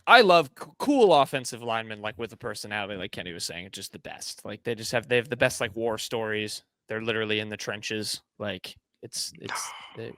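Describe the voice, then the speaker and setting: A man's voice: lowish voice, expressive, fairly quick, hardly any pauses, pushed and bright, no echo. A young man co-hosting a casual sports podcast, rambling and teasing his co-hosts, often restarting his sentences. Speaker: podcast co-host.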